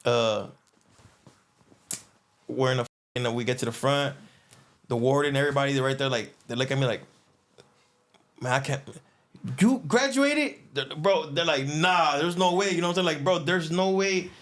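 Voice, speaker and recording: A man's voice: mid-range voice, fairly even intonation, normal speed, long pauses, a bit bright. A man telling a long prison story in casual, slangy talk, with many restarts and fillers, and acting out the lines of other people.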